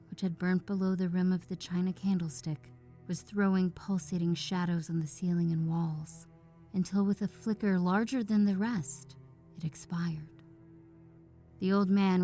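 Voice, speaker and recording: A woman narrating a classic horror story in a hushed voice that often drops to a whisper. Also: fairly low pitch. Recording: faint background music.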